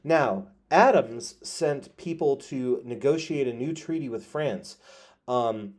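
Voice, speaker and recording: Male history teacher, relaxed lecturing delivery with fillers. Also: mid-range voice, takes it slowly. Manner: conversational, many "uh" fillers, self-corrects. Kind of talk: recorded classroom lecture.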